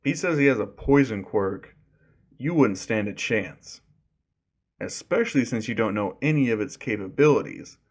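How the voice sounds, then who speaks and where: A man's voice: fairly low pitch, animated, normal speed, slightly rough. A man voicing a cautious, sensible teenage boy giving a reasoned warning.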